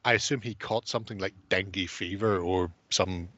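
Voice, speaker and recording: A man's voice: sits low, moderate pace, fairly bright tone, no echo, highs cut off. A man co-hosting a hobby live stream, rambling and swearing with frequent laughs in casual late-night chat.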